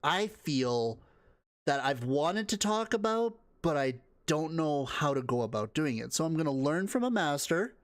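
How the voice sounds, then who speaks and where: A man's voice: on the high side, big pitch swings, measured pace, dry recording, clean studio sound. A man hosting a reaction video, chatting casually, laughing often and swearing freely. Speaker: reaction channel host.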